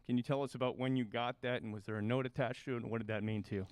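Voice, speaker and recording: A man's voice: medium pitch, steady tone, very fast, a little mellow, clear, resonant tone, dry recording. A man reporter asking a coach direct questions at a press conference.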